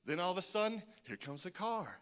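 A man in his forties preaching a sermon, an animated storyteller who acts out the voices in his stories. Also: high-pitched, a little fast. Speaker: pastor.

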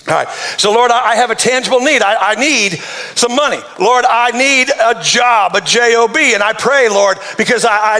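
High, bright-voiced joking preacher man. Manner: playful, joking preacher who acts out prayers. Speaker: pastor. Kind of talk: sermon.

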